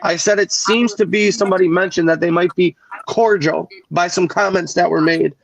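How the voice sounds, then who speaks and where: A man's voice: high-pitched, steady tone, normal speed, creaky. A man talking casually on an online radio panel, rambling with lots of fillers and restarts. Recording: dull lo-fi sound.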